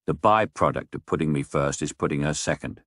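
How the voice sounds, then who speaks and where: A middle-aged man narrates a comic monologue with a voice pitched very low. His delivery is wry and deadpan, with mock-indignant asides, and his voice is close and dry in a room with no echo. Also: fairly quick.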